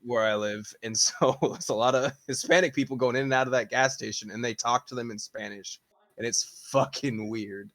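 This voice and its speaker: A young man co-hosting a podcast, telling a story in a relaxed way and swearing casually. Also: mid-range voice, normal speed, dry recording.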